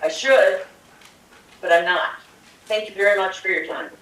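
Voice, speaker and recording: A woman's voice: medium pitch, steady tone, normal speed, a bit bright, a little hiss or hum. Older woman, public commenter, blunt and confrontational, echoey hall, mic at a distance. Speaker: public commenter at a school board meeting. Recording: echoey hall, picked up from afar.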